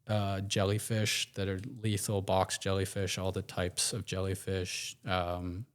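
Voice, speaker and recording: Low-voiced relaxed American man. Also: unhurried, clear, resonant tone. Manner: relaxed, rambling, many fillers and restarts. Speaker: podcast guest. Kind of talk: casual interview storytelling.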